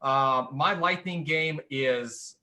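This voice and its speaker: A man's voice: medium pitch, slow pace, pushed and bright. A man hosting a podcast, chatting casually and making self-deprecating asides. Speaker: podcast host. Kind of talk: casual chat.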